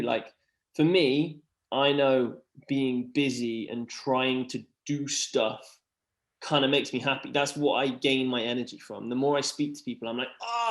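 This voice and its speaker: A man chatting earnestly about mental health, rambling with lots of fillers. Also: medium pitch. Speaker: podcast guest. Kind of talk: casual chat. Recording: roomy echo.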